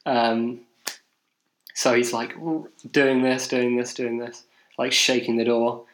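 An English podcast co-host tells a rambling, self-deprecating story in casual chat, full of fillers and restarts. His mid-range voice is slow and completely flat in delivery, and the recording has a roomy echo plus a little hiss or hum.

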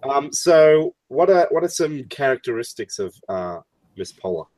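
A man's voice: mid-range voice, big pitch swings, normal speed, a little mellow, a little hiss or hum. A man in casual chat, rambling and searching for words as he talks.

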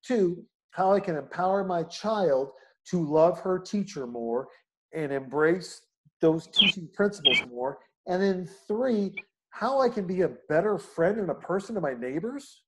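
A man's voice: high voice, lively intonation, measured pace, a little hiss or hum. A man co-hosting a casual chat, talking in long, profane, emphatic rants.

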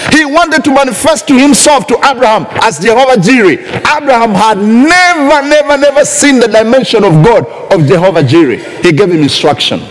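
A male pastor with a high, wildly swooping voice, delivering a sermon in unhurried, drawn-out phrases. He moves from quiet asides to shouted exhortation, and his voice rings through a church hall with a long reverb. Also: big pitch swings. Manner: emphatic, swinging from soft to shouted.

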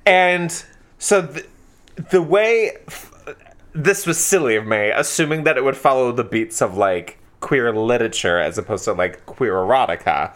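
A man co-hosting a casual book discussion, animated and often jumping into mimicry of characters. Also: moderate pace. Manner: animated, mimics characters with big pitch jumps. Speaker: podcast co-host.

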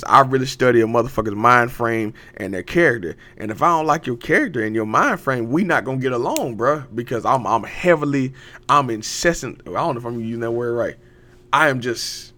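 A young man hosts his own podcast, talking straight into the mic in a casual motivational monologue. His mid-pitched voice is bright and forceful as he rambles, swears, gets hyped and bursts out laughing.

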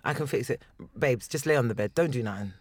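Laughing man with a faint hiss. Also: fast talker. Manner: loud, laughing, mimics people in high put-on voices. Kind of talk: casual chat.

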